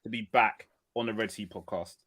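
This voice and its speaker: A man hosting a football podcast in an excited, chatty way, full of energy as he brings in his co-hosts. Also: on the low side, fairly quick, slightly rough. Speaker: podcast host. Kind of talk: excitable casual podcast chat.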